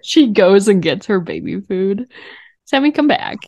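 A young woman co-hosting a casual podcast, chatty and quick to laugh. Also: medium pitch, huge pitch swings, darkish tone. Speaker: podcast co-host. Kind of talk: casual chat.

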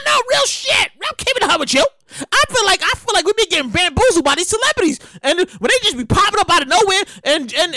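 Super high-pitched dude ranting on his comedy podcast, loud and stammery, bright sharp voice, dry close sound. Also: no echo. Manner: excitable, loud, stammering, acts out quotes. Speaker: podcast host. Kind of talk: solo comedic rant.

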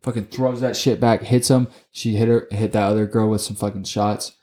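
A man co-hosting a casual sports podcast, talking excitably, swearing often and tripping over his words. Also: fairly low pitch, normal speed. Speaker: podcast co-host.

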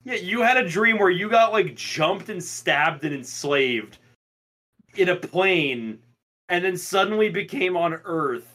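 A man co-hosting a casual podcast, reacting with loud, incredulous, teasing questions. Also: sits high, lively intonation, measured pace. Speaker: podcast co-host. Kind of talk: casual chat.

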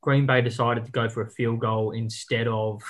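A man's voice: mid-range voice, level tone, normal speed. A man, co-hosting a casual sports chat over a video call and talking over the others. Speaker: podcast co-host.

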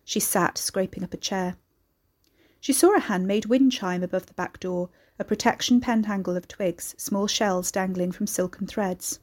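A woman reading a story aloud as narrator, in a steady, measured storytelling manner. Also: medium pitch. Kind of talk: scripted narration.

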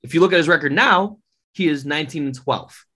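A man's voice: fairly high pitch, expressive, a little fast, pushed and bright, breathy edge. A man co-hosting a podcast, chatty and eager to tell a story. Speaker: podcast co-host. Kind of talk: casual chat.

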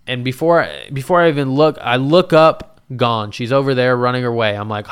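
A young man telling a story to friends, loose and profane, with a medium-pitched voice. He gets animated and slips into voices for the people he quotes. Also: brisk, clear, resonant tone. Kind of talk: casual storytelling.

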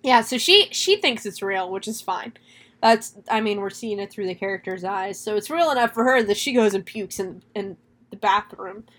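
Animated woman retelling a plot. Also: medium pitch, moderate pace. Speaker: podcast host reviewing a horror film. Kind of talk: casual chat.

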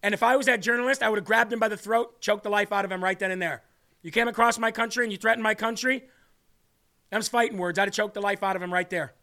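On his own livestream, a man fires off heated political commentary at a fast pace. His high voice sounds bright and sharp with fairly even intonation, and he hammers each point in a combative, ranting style.

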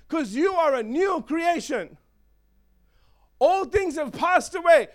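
A man preaching a sermon in an animated way, with joking asides and chuckles. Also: very high voice, takes it slowly.

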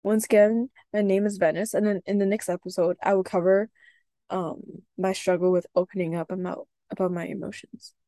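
A young woman hosting a podcast, talking earnestly about her own experience in a soft voice with hesitant restarts. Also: medium pitch, little pitch movement, brisk, no echo. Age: young adult. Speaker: podcast host. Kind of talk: personal reflective podcast talk.

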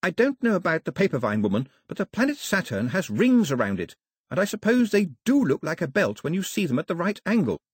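A man doing a bright, eager young girl. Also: high voice, brisk, breathy edge, dry recording, clean studio sound, pitched above the performer's own voice, exaggerated voice. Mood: eager explaining. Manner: excited, explaining, earnest. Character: eager, clever young girl, well-spoken castaway.

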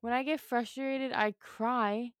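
A woman co-hosting a casual sports talk show, expressive and rambling, with many fillers. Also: fairly high pitch, takes it slowly, clear, resonant tone, no room sound, clean studio sound. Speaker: co-host.

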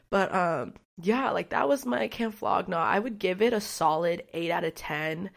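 A woman's voice: lowish voice, normal speed, vocal fry, hardly any pauses. A young woman hosting her own podcast, chatting casually and rambling, with lots of fillers and swearing. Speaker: podcast host. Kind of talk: casual solo podcast chat.

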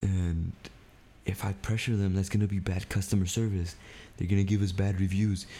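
A young man with a low, mellow voice tells a story on his podcast. He swears freely and acts out the argument with animated energy. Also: normal speed, breathy edge. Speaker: podcast co-host. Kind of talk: casual chat.

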